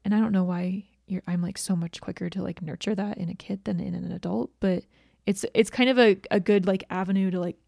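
A young woman co-hosts a podcast, chatting casually with lots of fillers. Her mid-range voice is gravelly and darkish, with fairly even intonation and a slightly fast pace, on a dry, clean studio recording.

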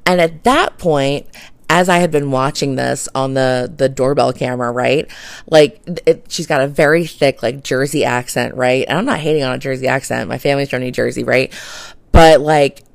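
Chatty woman with a gravelly, dry voice. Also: a bass voice, steady tone, normal speed, no echo. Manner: chatty, filler-heavy, laughs while telling a story. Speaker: podcast host; realtor. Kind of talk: casual storytelling monologue.

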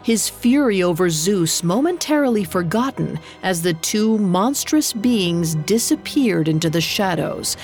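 A woman narrator reading a scripted myth in a measured, dramatic storytelling manner. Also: mid-range voice, expressive, darkish tone. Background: faint music.

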